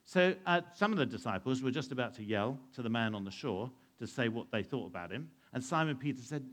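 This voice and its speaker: A man's voice: medium pitch, lively intonation, a little fast, few pauses. A man telling a Bible story to children, asking them questions and acting out the scenes. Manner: asks the listeners questions and plays out the scenes. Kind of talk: animated Bible storytelling to a young audience.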